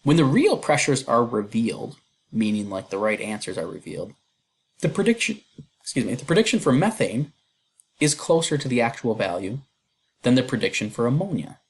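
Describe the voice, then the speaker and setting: A man's voice: medium pitch, big pitch swings, a little fast, husky. A man teaching a recorded chemistry lesson in a casual, chatty way, with fillers and self-deprecating asides as he works through problems. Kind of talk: recorded lecture walkthrough.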